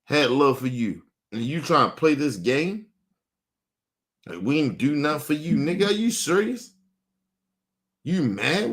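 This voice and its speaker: A man hosting a show, ranting angrily in with heavy swearing and a lot of repetition. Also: fairly high pitch. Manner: angry, repeats himself, swears heavily. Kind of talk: heated on-air rant.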